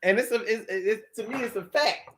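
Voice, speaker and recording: A man's voice: high voice, normal speed, a little hiss or hum. A man from Philadelphia with a Philly accent, talking casually as host of a monologue show, repeating phrases and drawing out words. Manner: animated, repeats phrases, drawls words for effect.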